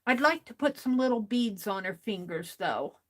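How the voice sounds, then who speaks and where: A tired woman hosting a late-night crafting livestream, talking softly to herself as she works. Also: medium pitch, lively intonation, moderate pace. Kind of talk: casual talk while crafting live.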